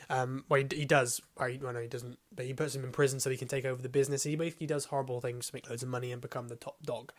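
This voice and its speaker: A man gives a casual, rambling film review, full of hesitations and casual swearing. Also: medium pitch.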